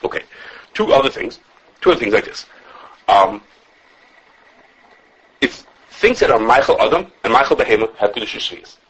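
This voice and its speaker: A man who teaches a class on religious law. He lectures with lively animation, thinks aloud, restarts his sentences, and quotes his sources as he takes questions from students. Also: mid-range voice, moderate pace, pauses often, slightly rough, highs cut off. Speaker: rabbi teaching a halacha class.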